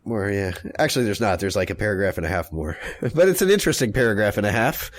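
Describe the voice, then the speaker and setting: A man co-hosting a casual comedy podcast, telling a story in a rambling, jokey way and acting out people in quick voices. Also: on the low side, animated.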